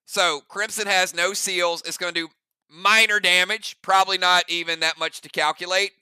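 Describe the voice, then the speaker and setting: A man's voice: sits high, fairly even intonation, moderate pace, pushed and bright, smooth, no room sound. A man running an online role-playing game, casually explaining each player's moves and damage, with joking asides. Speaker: game master. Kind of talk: narrating a tabletop game round.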